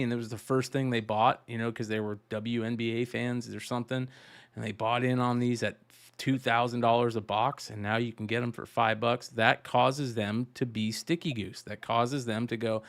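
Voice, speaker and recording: A man's voice: mid-range voice, steady tone, normal speed. Plain-spoken male podcast host. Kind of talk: casual chat.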